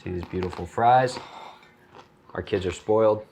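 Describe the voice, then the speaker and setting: Brief: chatty chef, very low voice, loud frying sizzle under every line. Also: male voice, moderate pace, a little hiss or hum, rough recording. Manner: chatty, jokey, excitable. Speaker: chef host. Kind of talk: casual cooking demonstration. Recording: loud sizzling pan behind voice.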